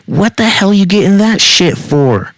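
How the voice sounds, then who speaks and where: A man voicing a furious, bossy young woman who yells shrilly at everyone. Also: expressive, a little slow, dry recording. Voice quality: shrill and yelling.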